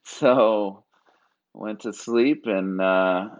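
Deep-voiced man telling his story. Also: very slow. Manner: earnest, reenacts dialogue in voices. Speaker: guest, Marine Corps veteran. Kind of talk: casual personal storytelling. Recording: dull lo-fi recording.

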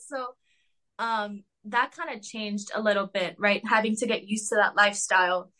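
A young woman talking casually as an interview guest, full of fillers, sometimes jumping high to act out quotes. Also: steady tone, moderate pace, fairly bright tone. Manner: chatty, filler-heavy with lots of "like" and "um"; acts out quotes in a high mocking voice.

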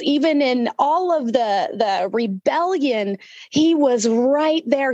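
Woman guest, high-pitched, dry close-miked sound, fervent emotional testimony. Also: no echo, highs cut off. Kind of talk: podcast interview.

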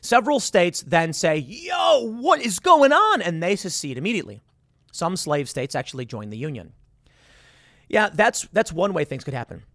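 A man's voice: fairly high pitch, big pitch swings, moderate pace, fairly bright tone, dry recording, studio quality. A man delivering an argumentative opinion monologue as a political commentator, reading out posts and reacting to them emphatically.

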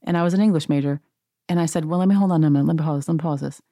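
A woman rants her way through a reality TV recap with a sarcastic, gossipy edge. Her voice sits a bit low for a woman. The sound is close and dry, with no room around it. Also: rapid-fire, dark tone, dry recording. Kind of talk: rant-filled casual recap.

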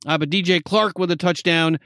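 A man with a fairly high voice co-hosts a casual football talk show. He reels off scores and stats in quick bursts and laughs easily. His voice sits close and dry on the mic. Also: steady tone, fairly bright tone, dry recording. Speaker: podcast co-host. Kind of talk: casual sports chat.

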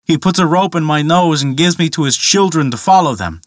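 A man's voice: a little high, expressive, fairly quick, dry recording, clean studio sound, natural voice. A man voicing a huge but cowed male camel lamenting his hard life in a fable. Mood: woeful. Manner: complaining, downtrodden.

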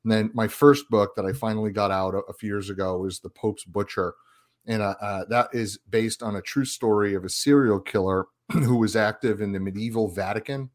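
A man being interviewed as a guest author, his voice set a bit low. He answers thoughtfully and unhurriedly, filling his pauses with soft "um"s as he gathers his thoughts. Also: fairly even intonation. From United States East Coast. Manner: measured, thoughtful, frequent "um"s.

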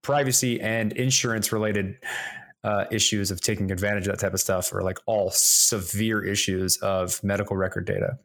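Lower-voiced man explaining on a podcast. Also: steady tone, moderate pace, fairly bright tone. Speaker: podcast co-host. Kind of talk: casual roundtable chat.

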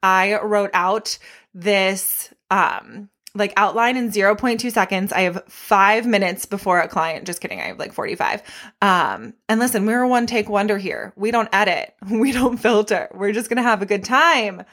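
A young pregnant woman hosting her own podcast in a casual, unedited monologue, chatty and candid with animated asides and casual swearing. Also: medium pitch, moderate pace. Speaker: podcast host and fitness instructor. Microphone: podcast microphone.

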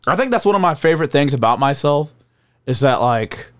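Profane, animated young man chatting. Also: on the high side, brisk, no room sound, clean studio sound. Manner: profane, animated, laughs often. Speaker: restaurant worker and comedian. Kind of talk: casual chat.

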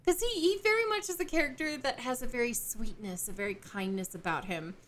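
A woman podcast co-host casually recapping a novel, telling the story in an animated way with frequent laughs and fillers. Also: on the high side, fairly quick. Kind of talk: casual book-club chat.

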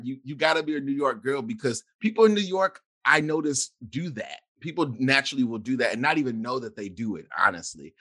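A man's voice: medium pitch, pushed and bright. A man hosting a casual interview, asking questions with frequent restarts. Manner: stumbling restarts, friendly questioning. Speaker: host.

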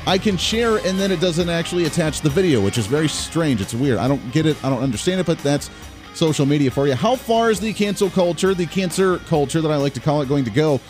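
A man hosting a talk radio show, animated and sarcastic in delivery. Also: on the high side, fast talker, soft background music.

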